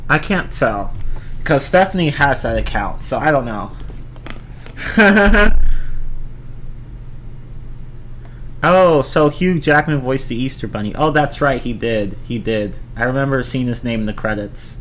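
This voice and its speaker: At a moderate pace with hardly any pauses, a young man with a mid-range voice reviews films on his livestream, a slight hiss or hum in the background. His talk is rambling and casual, punctuated by restarted sentences, the odd swear word and responses to chat.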